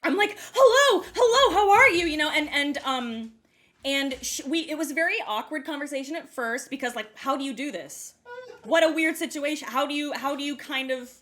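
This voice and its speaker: A young woman casually telling a story on a podcast. She is animated, swears freely, laughs mid-story and acts out quoted voices with big jumps in pitch. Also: fairly quick.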